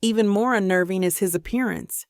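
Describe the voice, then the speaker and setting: Female audiobook narrator, expressive first-person read, dry studio sound. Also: mid-range voice, a little fast, dry recording. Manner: expressive, inner-monologue storytelling.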